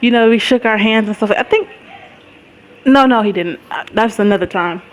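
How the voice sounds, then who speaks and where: A woman's voice: fairly high pitch, moderate pace, rough recording. A young woman vlogger telling a story in a chatty, rambling way, with lots of fillers and frequent laughs. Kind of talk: casual storytelling vlog.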